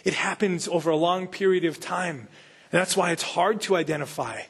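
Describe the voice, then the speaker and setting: A man's voice: high-pitched, normal speed, husky. A man pastor giving a conversational sermon, full of rhetorical questions and casual asides.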